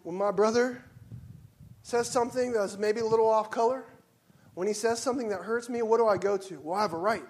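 Pastor, man, higher voice, fervent sermon delivery with hushed and loud swings. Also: steady tone, a little fast. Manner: passionate preaching, swings from hushed to loud exclamations. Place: church sanctuary.

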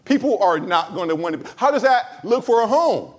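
A male pastor delivering a sermon in a high, very lively voice. He leans hard on key words, then drops low and quiet for asides. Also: fairly quick. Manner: emphatic, swings between loud high stresses and low quiet asides.

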